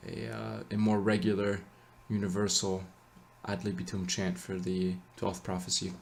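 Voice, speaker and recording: A man explaining a chant melody in a relaxed, halting way, pausing often with fillers and correcting himself. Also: sits low, creaky, slight background noise. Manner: hesitant, many ums and self-corrections. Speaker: chant teacher. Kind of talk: casual explanation with sung chant examples.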